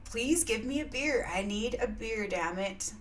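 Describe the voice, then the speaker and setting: A woman voicing a huge, thirsty male grizzly bear in a told joke, begging loudly and flaring up. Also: on the high side, lively intonation, a little slow, a little hiss or hum, pitched above the performer's own voice. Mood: pleading. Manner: pleading then indignant shouting.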